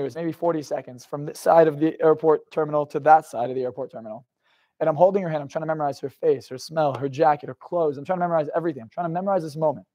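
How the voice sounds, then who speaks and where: A man's voice: on the high side, a little mellow, highs cut off. A young man giving a live motivational talk to an audience, telling an intense personal story, swearing freely and putting questions to the crowd. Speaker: motivational speaker.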